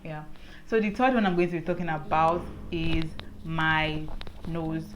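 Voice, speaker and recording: A woman's voice: sits low, steady tone, a little slow, a little hiss or hum. A young woman vlogging to camera in her own room, chatting earnestly and saying "like" a lot. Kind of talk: casual chat to camera. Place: indoors at home, lit by a ring light.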